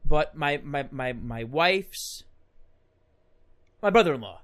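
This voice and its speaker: A man's voice: on the high side, lively intonation, a bit bright. A man in his twenties from Staten Island, New York, talking easygoingly as a podcast guest and often repeating himself as he starts his sentences. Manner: easygoing, halting and repetitive. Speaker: podcast guest, professional wrestler. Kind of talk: casual interview chat. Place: podcast studio.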